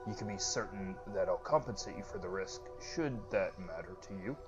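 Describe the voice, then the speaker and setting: Speaking briskly and expressively in a voice that sits low, a man takes on the role of a courteous, formal temple priest with an old-fashioned, narrative way of talking. It's a lo-fi let's-play recording with game music playing behind him.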